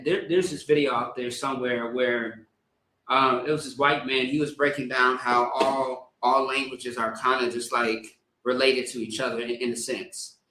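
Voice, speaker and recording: A man leading a religious service, reading scripture haltingly with stammered repeats, then preaching in a casual, rambling way. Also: mid-range voice, bright, forceful tone. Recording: echoey room.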